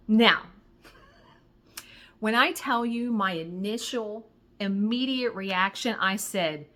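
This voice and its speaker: A middle-aged woman vlogger casually telling a story to her viewers, acting out conversations and swearing when excited. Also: mid-range voice, slow pace. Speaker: crafting vlogger.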